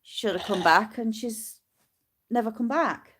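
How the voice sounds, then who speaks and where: A smallholder livestreams her animals from a farm on a phone set on a tripod, chatting casually with viewers and rambling with restarts. Her voice is a little high, a bit bright and a little slow, with slight background noise.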